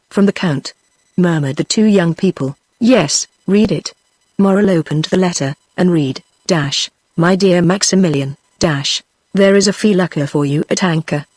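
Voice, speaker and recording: A text-to-speech voice of a woman with a British accent, reading a classic novel aloud and voicing every character in the same even manner. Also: on the low side, no echo. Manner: even, unvarying delivery of all characters. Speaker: narrator.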